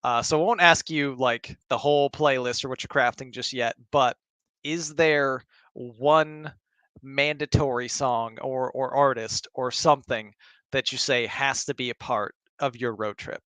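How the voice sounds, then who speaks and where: A man's voice: medium pitch, steady tone, unhurried, a bit bright, clean tone, dry recording. A man co-hosting a card game podcast in casual chat, encouraging and enthusiastic. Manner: encouraging and enthusiastic, with many fillers. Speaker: podcast co-host.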